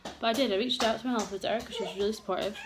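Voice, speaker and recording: A woman's voice: a little high, steady tone, racing. A young woman vlogging a candid get-ready-with-me chat, open and emotional, rambling with many fillers. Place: home room with children around. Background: noisy household.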